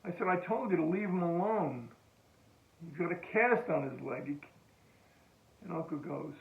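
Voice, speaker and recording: An older American man, a veteran, recounting a story in a halting oral-history style with frequent restarts and chuckles. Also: a little high, expressive, vocal fry. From United States. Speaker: veteran telling a war story. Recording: tinny phone-like echoey room.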